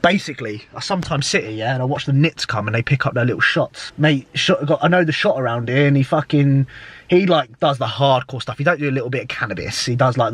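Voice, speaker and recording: A husky, mid-range male voice with a fairly bright tone belongs to a fitness coach vlogging from his parked car. He keeps up casual, profane, blokey banter.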